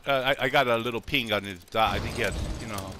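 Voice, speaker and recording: A man's voice: medium pitch, fast talker, bright, forceful tone, a little hiss or hum. An older man and grandfather, chatting casually while gaming and jokingly wishing opponents a merry Christmas. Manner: jokey, greets enemies with holiday wishes. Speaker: gamer streamer. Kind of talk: casual game chat.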